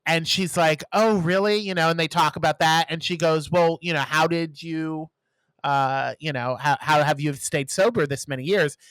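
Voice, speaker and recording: A man with a fairly high, very bright voice talks on a podcast in casual chat, animatedly retelling a movie's scenes and slipping into playful voices. The sound is close and dry. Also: steady tone, normal speed, clear, resonant tone, no room sound. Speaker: podcast co-host.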